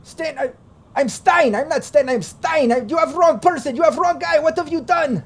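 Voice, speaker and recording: A man voicing a panicky male corporate manager who shouts in high, broken sentences. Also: moderate pace. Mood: panicked.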